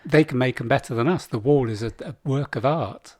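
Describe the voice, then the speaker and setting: A man in his sixties talks in casual podcast chat. He tells a long, rambling story and slips into voices for the people in it. His voice sits at an average pitch and sounds dry and close. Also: brisk, a little mellow, dry recording. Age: 60s. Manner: rambling storyteller acting out game-show contestants in put-on voices. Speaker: podcast co-host.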